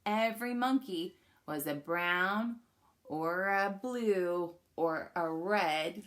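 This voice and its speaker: A woman's voice: on the low side, slow pace, fairly bright tone. A woman reading a children's picture book aloud, coaxing young listeners to join in with questions and actions. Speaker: children's story reader.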